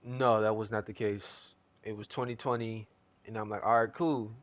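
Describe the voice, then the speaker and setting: A man's voice: fairly low pitch, fairly even intonation, moderate pace, dull audio. Slangy young man rambling about gaming. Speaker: gaming streamer. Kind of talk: casual gaming chat.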